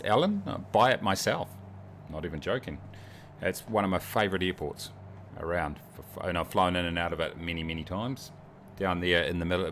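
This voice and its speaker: A man's voice: deep voice, fairly bright tone, slight background noise. A New Zealand man livestreaming a flight sim, chatting in a rambling, joking, self-mocking way. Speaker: streamer. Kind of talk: casual livestream chat while flying a sim.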